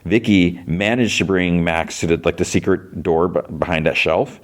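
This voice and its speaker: Low-voiced man rambling through a recap. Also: normal speed. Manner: rambling, many fillers and restarts, acts out quotes. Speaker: podcast host recapping a TV episode. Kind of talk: casual recap.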